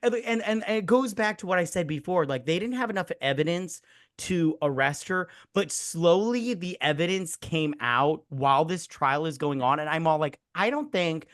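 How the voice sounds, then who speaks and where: A man with a fairly high voice retells scenes from a movie on a casual review podcast. He acts out the characters as he goes, with lots of swearing, and keeps the energy high. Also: moderate pace. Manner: animated storytelling, acting out characters with profanity. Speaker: podcast co-host.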